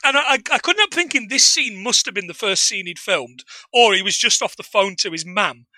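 A man with a high, very bright voice talks through a film scene by scene in casual podcast chat. He is animated and jokey and breaks into laughter often. The sound is dry and close. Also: fairly quick, no room sound, low-quality recording. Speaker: podcast co-host.

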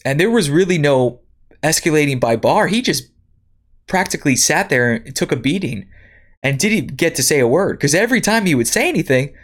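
A woman's voice: sits low, animated, a little fast. Lady podcast host reading news n ranting, sarcastic, voice swinging up and down. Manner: indignant, sarcastic.

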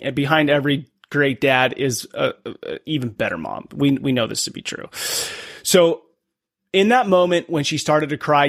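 A man's voice: medium pitch, no room sound, studio quality. A man hosting a podcast interview in a casual, blunt and affirming way. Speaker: podcast host.

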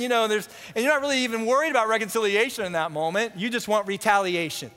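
High bright-voiced male preacher. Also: quick pace, hardly any pauses, big-room sound, a little hiss or hum. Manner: animated, acts out quoted voices, repeats words. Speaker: pastor. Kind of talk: sermon.

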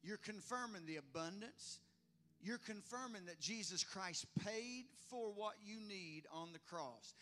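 A man preaching a sermon, animated and laughing often, who acts out quoted voices and builds to loud, exclamatory praise. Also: high-pitched, moderate pace.

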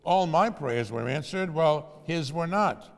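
A man voicing a proud, selfish castaway who insists loudly that his blessings are his alone. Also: on the low side, expressive, quick pace, in a large hall, lightly acted. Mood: indignant.

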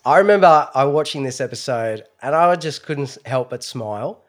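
A man's voice: mid-range voice, animated. Man rambling in casual podcast chat. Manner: rambling, halting, many restarts. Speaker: podcast co-host.

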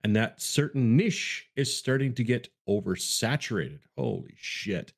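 A man's voice: on the low side, big pitch swings, unhurried, slightly rough. A man co-hosting a casual podcast, reading listener questions and answering in a wry, rambling, self-deprecating way.

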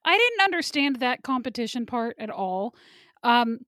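A woman's voice: on the high side, big pitch swings, normal speed, fairly bright tone, dry recording, clean studio sound. A woman co-hosting a podcast, chatting casually and giving strong opinions while she reviews movies. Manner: opinionated, chatty, laughs often. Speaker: podcast co-host.

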